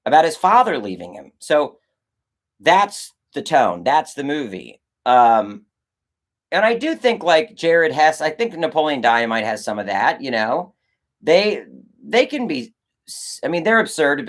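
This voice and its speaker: A young man, a filmmaker, chatting casually on a livestream and answering chat, rambling and animated, swearing and acting out conversations. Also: fairly high pitch, a little slow. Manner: animated, rambling, swears, acts out quoted exchanges.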